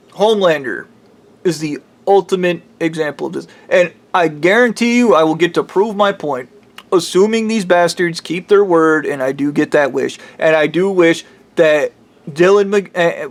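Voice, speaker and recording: High-voiced man ranting heatedly. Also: normal speed. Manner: heated, rambling, swears freely. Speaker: vlogger. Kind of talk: profane ranting monologue.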